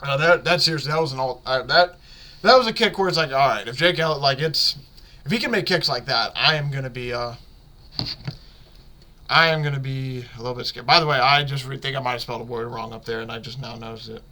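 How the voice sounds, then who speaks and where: A man hosting a sports podcast, talking casually and excitedly about football games, often correcting himself and circling back mid-sentence. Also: medium pitch, fast, slight background noise. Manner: rambling, excitable, self-correcting. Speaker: podcast host.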